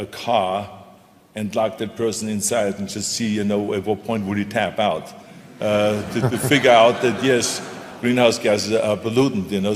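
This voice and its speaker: A man's voice: fairly low pitch, a little hiss or hum. A man speaking on a panel in an emphatic, repetitive, motivational way. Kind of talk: stage panel talk. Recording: reverberant hall.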